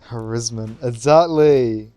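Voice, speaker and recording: A man's voice: medium pitch, slow pace, mellow, dry recording, faint music behind. A man streaming a game, making sarcastic, profane commentary. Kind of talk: gameplay commentary.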